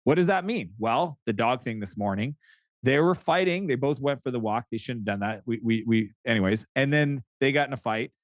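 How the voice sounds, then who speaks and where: A middle-aged man from Canada talks as a podcast guest in an easygoing, animated way. He tumbles into stories and restarts his sentences, with a mid-pitched voice. The sound is close and dry, with no room echo. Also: a little fast. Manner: animated storyteller who acts out quoted dialogue, frequent restarts. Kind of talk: casual interview chat.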